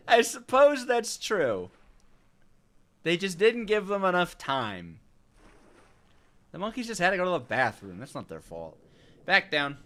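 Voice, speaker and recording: A young man with a bright, clear voice streams a video game and chats with his viewers. He jokes and rambles, and his pitch swings up and down a lot as he talks. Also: big pitch swings, a little slow, pauses often. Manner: joking, rambling, answers chat. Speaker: gaming streamer. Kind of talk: casual let's-play chat with viewers.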